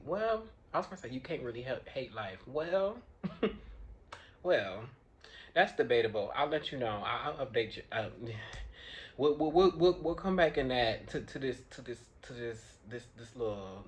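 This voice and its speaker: A man's voice: medium pitch, a little hiss or hum. A man, ranting casually to camera, irritated and profane, rambling with restarts. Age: 20s. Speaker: vlogger.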